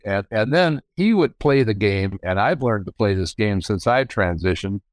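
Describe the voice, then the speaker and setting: A man's voice: fairly low pitch, lively intonation, normal speed, no echo. An older businessman, a podcast guest, telling frank, rambling stories about his family business and often restarting his sentences. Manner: rambling, self-correcting, frank. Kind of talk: candid storytelling.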